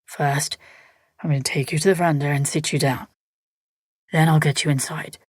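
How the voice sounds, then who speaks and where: A woman reading an audiobook, voicing a gruff, irate grown man in a lower, rougher voice. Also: fairly even intonation, normal speed, a little mellow, no echo, clean studio sound. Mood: gruff, gentler. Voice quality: gruff, low. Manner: terse, growled through clenched teeth. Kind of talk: audiobook character voice.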